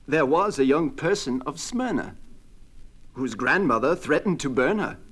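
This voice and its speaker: A man reading limericks aloud in a brisk storytelling recitation. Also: a little high, expressive, fairly bright tone. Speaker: poetry reader.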